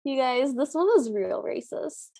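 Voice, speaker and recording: A woman's voice: high voice, expressive, measured pace, gravelly, dark tone. A woman co-hosting a podcast, describing an old cartoon in a playful, enthusiastic way. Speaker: podcast co-host. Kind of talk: casual review chat.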